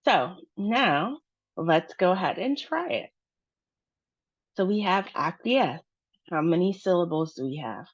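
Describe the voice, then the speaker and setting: Slow, patient American woman teaching. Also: lowish voice, animated. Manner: patient, spells out stress and syllables slowly. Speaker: pronunciation teacher. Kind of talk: slow pronunciation lesson. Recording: dull, dry, lo-fi sound.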